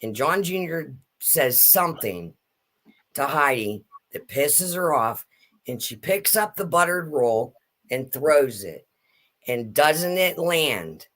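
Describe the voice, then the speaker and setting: A woman's voice: low-pitched, slow. Middle-aged woman telling a funny family story, keeps cracking up. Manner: animated, laughs through her story. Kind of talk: casual storytelling.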